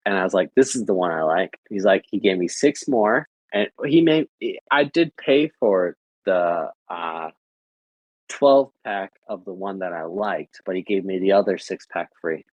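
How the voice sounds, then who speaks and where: Husky young American man chatting. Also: sits low, a little slow, no echo, muffled recording. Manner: rambling, repeats filler phrases. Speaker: livestreamer chatting with viewers. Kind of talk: casual chat.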